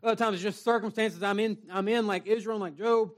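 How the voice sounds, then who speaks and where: A man with a notably high voice preaches an earnest sermon to a small church congregation. He moves between plain talk and reading scripture in old-fashioned wording. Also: fairly even intonation, quick pace. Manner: earnest preaching, reads scripture aloud in King James wording. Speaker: pastor.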